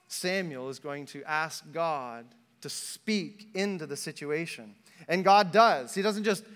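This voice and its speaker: A man preaching a sermon, telling stories animatedly and acting out the voices of the people in them, then dropping to a hush for emphasis. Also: sits high. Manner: animated storytelling, acts out quotes, drops to a hush for emphasis. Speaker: pastor. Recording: long hall reverb.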